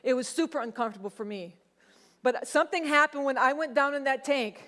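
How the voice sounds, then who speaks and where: High-voiced woman pastor in reverberant hall. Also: brisk. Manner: conversational personal testimony, animated retelling. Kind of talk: sermon. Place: church sanctuary. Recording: long church hall reverb.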